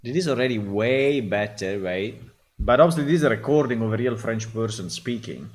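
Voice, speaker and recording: A man's voice: mid-range voice, animated, brisk. A man hosting a developer stream, judging voice samples casually and thinking aloud with many restarts. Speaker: game developer, host. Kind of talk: casual commentary.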